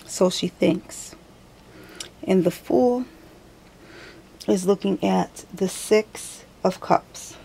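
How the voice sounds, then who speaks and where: Woman host doing a casual card reading; slow and gravelly, talks it through out loud and corrects herself. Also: medium pitch. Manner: chatty, thinks aloud, self-correcting. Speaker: tarot reader. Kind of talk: casual tarot reading to camera.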